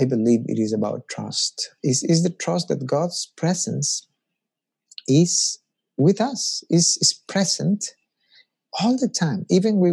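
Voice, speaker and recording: A man's voice: mid-range voice, vocal fry, darkish tone, breathy edge. A man preaching a conversational sermon as a pastor, reflective and personal, musing aloud.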